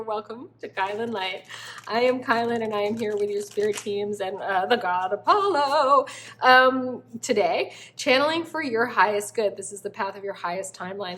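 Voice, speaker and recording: A woman's voice: medium pitch, a bit bright, a little hiss or hum. A woman doing a spiritual tarot reading, effusive and affectionate, often exclaiming as she turns the cards. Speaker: tarot reader.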